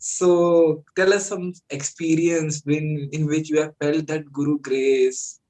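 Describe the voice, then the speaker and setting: A male interviewer asking halting questions, rephrasing them with fillers. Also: a little high, flat delivery, mellow, low-quality recording.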